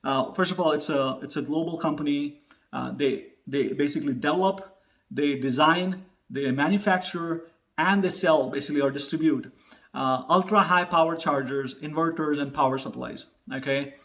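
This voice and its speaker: A man's voice: on the high side, normal speed. A man hosting a casual investing talk, chatty, with many fillers and "okay?" asides. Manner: loud upbeat opening jingle shout. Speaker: host.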